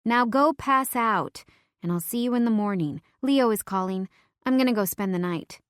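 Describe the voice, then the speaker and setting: A woman's voice: fairly high pitch, moderate pace, smooth, no echo, clean studio sound, natural voice. A woman narrator voicing the heroine's teasing, protective young female friend in an audiobook. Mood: bossy, caring.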